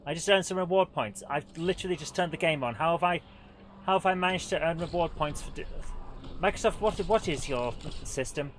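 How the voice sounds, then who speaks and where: A woman's voice: fairly low pitch, a little fast, a little hiss or hum. Chatty woman streaming a game. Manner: chatty, rambling, self-deprecating asides. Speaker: livestream gaming host. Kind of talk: live gameplay commentary with chat.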